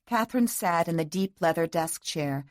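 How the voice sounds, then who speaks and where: A woman narrating a romance audiobook in a measured, even storytelling manner on a close mic. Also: fairly low pitch, no echo. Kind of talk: scripted narration.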